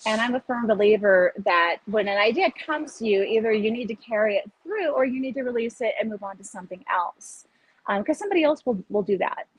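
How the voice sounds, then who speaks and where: Lively woman in her fifties on a video call. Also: on the high side, a little fast, a little hiss or hum, poor audio. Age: 50s. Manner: animated, upbeat, laughs often. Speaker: guest. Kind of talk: casual interview talk.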